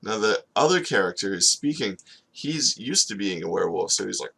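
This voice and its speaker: A man teaching storyboarding in a casual screen-recorded tutorial, talking in a relaxed, conversational way and often checking in with "okay?". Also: fairly low pitch, a little fast, vocal fry. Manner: relaxed and conversational, with frequent fillers. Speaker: animation storyboard instructor.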